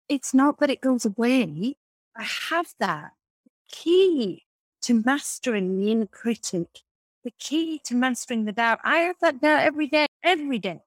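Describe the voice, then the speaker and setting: Guest coach, woman, high voice, emphatic and repetitive, dry close sound. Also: no echo, poor audio. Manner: emphatic, repeats key phrases. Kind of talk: podcast interview answer.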